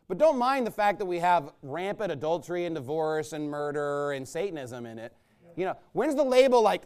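Man, pastor, fiery sermon, high voice, mocking, combative. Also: lively intonation, fairly quick, clean tone. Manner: combative, mocking, swings from low muttering to loud outbursts.

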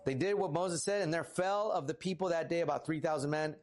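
A man in his thirties preaching a casual sermon as pastor, lively and talkative, rising for emphasis. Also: a little fast. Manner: casual, animated, rises in pitch for emphasis. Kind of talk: conversational sermon.

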